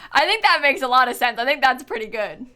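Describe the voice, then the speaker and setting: A woman's voice: high voice, expressive, quick pace, pushed and bright, faint music behind. A woman streamer chatting casually while she builds in a game, thinking aloud with lots of fillers and frequent giggles, and yawning now and then. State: yawning, tired.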